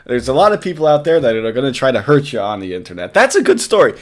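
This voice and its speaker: Man doing reaction commentary, lively swooping voice, laughs a lot, swears, casual. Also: medium pitch, quick pace. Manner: casual, laughing often, profane, repeats clips in mock voices. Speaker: commentary host.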